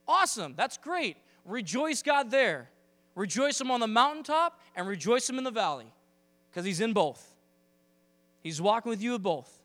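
Male pastor, sermon delivery. Voice sits high for a man, lively and conversational, with dry close-miked sound and a low mains hum behind. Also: normal speed, no room sound. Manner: animated, conversational preaching with acted-out asides.

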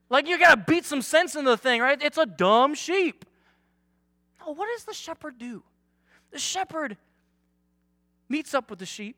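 A young man, a youth pastor, preaching a sermon with energetic, joking, self-deprecating humor. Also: extremely high pitch, normal speed, pauses often, no echo, studio quality.

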